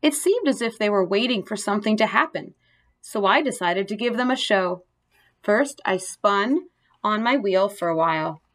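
A woman narrating a children's storybook in a gentle, expressive read-aloud manner. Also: mid-range voice, normal speed.

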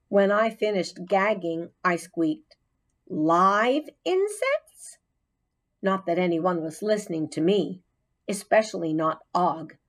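A woman narrating a children's audiobook in an expressive, unhurried storytelling manner, giving the characters their own voices. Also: fairly low pitch.

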